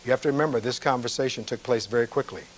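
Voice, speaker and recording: A male defense attorney with a mid-range voice delivers his closing argument very fast in a courtroom. He reads witness testimony aloud, then follows it with pointed rhetorical questions. The recording is low-quality, with slight background noise.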